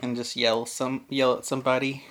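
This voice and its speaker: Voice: medium pitch, level tone, moderate pace, a bit bright. A podcast co-host in casual chat who asks questions and teases the others. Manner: teasing, inquisitive.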